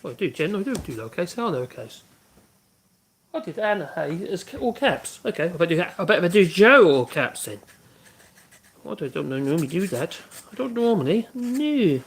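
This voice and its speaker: A man's voice: fairly high pitch, big pitch swings, normal speed, pauses often, a little hiss or hum. A man hosting a casual woodworking livestream, rambling and humming to himself as he works. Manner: rambling, hums to himself while working. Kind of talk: casual livestream chat while working.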